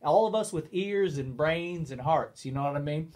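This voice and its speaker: A man co-hosting a loose, casual chat, with a voice that sits a little high. He talks in an animated, rambling way, piling on asides. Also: normal speed. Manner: animated, rambling, lapses into put-on quotes. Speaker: co-host.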